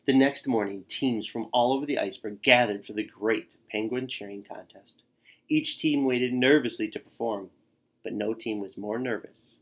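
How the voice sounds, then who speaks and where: Male storyteller for a kids' read-aloud, slow and expressive, mid-range voice. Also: mid-range voice. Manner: expressive, with gasps and sighs. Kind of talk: children's picture book read-aloud.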